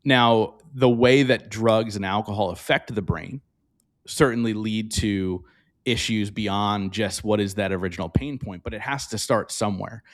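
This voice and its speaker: A man's voice: lowish voice, moderate pace. A man talking as a podcast guest, reflective and earnest, speaking openly in a candid interview.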